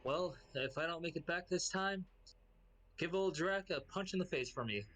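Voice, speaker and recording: A grizzled, resigned adventurer with a dry gallows wit, voiced by a man at a tabletop game. The voice is pushed noticeably high. It sounds a little distant from the mic. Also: normal speed, fairly bright tone. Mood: wry.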